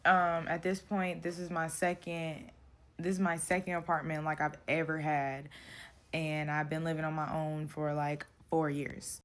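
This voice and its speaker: A young adult woman telling a real-life story in a blunt, profane, animated way, acting out the dialogue. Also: deep voice, unhurried. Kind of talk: casual storytime vent.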